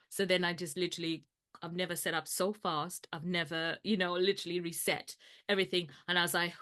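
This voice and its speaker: A woman's voice: lowish voice, level tone, a little fast, pushed and bright. A woman podcast co-host chatting casually, telling a story with frequent laughs and acted-out quotes. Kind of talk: casual chat.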